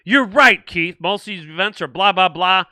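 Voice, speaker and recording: A man's voice: high-pitched, normal speed, sharp tone, dry recording. An older man hosting a political livestream, rambling and indignant, with frequent restarts as he answers viewer comments. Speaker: livestream host.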